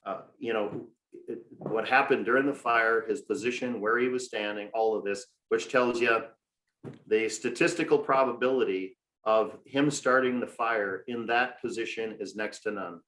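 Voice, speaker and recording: A grieving father from Minnesota, telling his story in a podcast interview with measured, deliberate storytelling and frequent fillers. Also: on the low side, a bit bright. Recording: echoey room.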